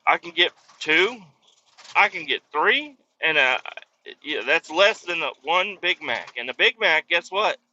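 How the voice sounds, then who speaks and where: A man's voice: a little high, lively intonation, a little slow, pushed and bright, a little hiss or hum. A man hosting a podcast, telling a rambling, profane story in a casual comedic rant. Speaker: podcast host. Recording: dull lo-fi dry recording.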